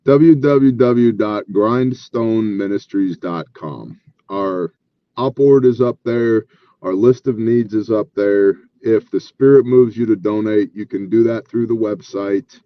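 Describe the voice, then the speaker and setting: A man's voice: lowish voice, takes it slowly, lo-fi sound. A man who leads a relief ministry, telling stories earnestly and with animation as an interview guest, acting out the dialogue.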